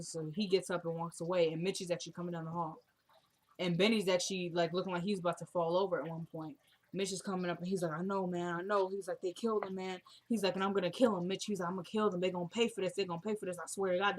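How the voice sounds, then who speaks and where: A woman's voice: lowish voice, fairly even intonation, quick pace. A woman casually retelling a TV episode scene by scene, quoting each character's lines in her own voice. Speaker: TV show recapper.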